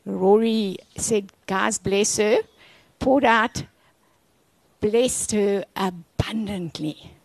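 A woman pastor preaching a sermon, telling stories in an animated, playful way with asides. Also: mid-range voice, no echo, rough recording.

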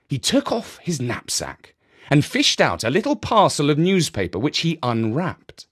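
A man narrating a children's story in a gentle, expressive way. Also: a little high, unhurried, husky.

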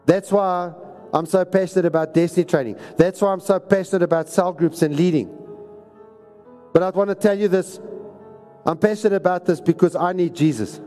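This time the preacher's voice is high but dark in tone. Recorded in an echoing hall, he delivers his sermon with exhortations and repeated lines for emphasis.

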